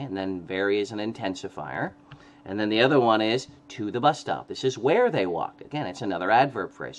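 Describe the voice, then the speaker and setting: Lower-voiced man giving a grammar lecture. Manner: explains step by step with frequent "okay?" checks and self-corrections. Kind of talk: recorded classroom lecture.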